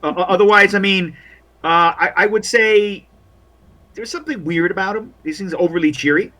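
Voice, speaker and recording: A man's voice: high voice, bright, forceful tone. A man narrating a tabletop role-playing game as game master, rambling and restarting often. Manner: rambling, halting, many restarts.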